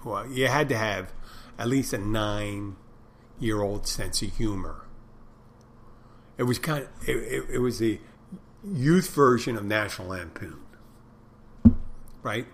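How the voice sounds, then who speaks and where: A man's voice: on the low side, slow pace, long pauses, a bit bright, slight background noise. A middle-aged man hosting a podcast, rambling through stories and crude jokes in a casual monologue. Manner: meandering storyteller, tells crude jokes. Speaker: podcast host.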